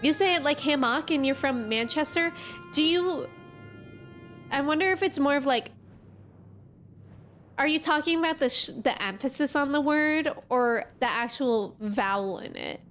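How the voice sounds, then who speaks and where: A woman's voice: sits high, moderate pace, long pauses, fairly bright tone, soft background music. A young woman streaming a game, chatting casually, reading chat messages aloud and reacting to them.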